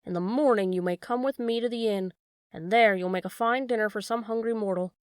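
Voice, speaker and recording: A woman's voice: mid-range voice, fairly quick, clean tone, dry recording, clean studio sound, close to an everyday voice. A woman voicing a hearty, self-satisfied farmer in a storybook reading.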